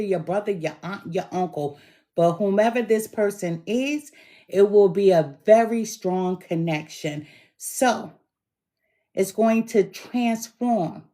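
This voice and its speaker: A middle-aged woman reads tarot cards at an unhurried, drawn-out pace. Her voice is hoarse with a lingering chest cold, and she leans into each word with emphatic encouragement. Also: medium pitch, warm tone. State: hoarse from bronchitis, coughing. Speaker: tarot reader. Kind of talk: tarot reading.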